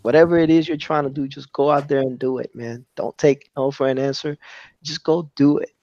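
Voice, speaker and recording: A man hosting a casual livestream panel, relaxed and encouraging, often tagging "man" onto his sentences. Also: on the high side, brisk, no echo, muffled recording. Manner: laid-back, encouraging, says "man" a lot. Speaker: host.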